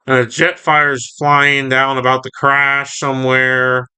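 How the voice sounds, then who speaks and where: A man's voice: mid-range voice, flat delivery, takes it slowly, pushed and bright, clear, resonant tone. A man casually reading and reviewing a comic book, recapping the story in a rambling, self-correcting way.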